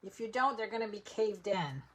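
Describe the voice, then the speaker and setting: A woman's voice: medium pitch, animated, moderate pace, breathy edge. A woman giving a live papercraft demonstration, chatting to viewers step by step as she works. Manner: chatty, step-by-step, talks to viewers while working. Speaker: papercraft instructor.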